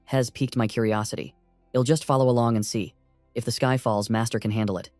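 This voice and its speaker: A man's voice: medium pitch, steady tone, fast talker, darkish tone, no echo, soft background music, natural voice. A man reading a brash young disciple. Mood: cocky.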